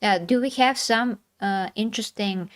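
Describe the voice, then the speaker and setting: A woman hosting a casual review chat, with a mid-pitched voice and a blunt, opinionated manner. She talks in quick bursts and pushes her points hard. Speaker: channel host.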